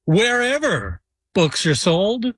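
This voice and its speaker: A man guesting on a casual sports chat, upbeat and relaxed. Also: high voice, slow, no room sound. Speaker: guest, graphic artist and author.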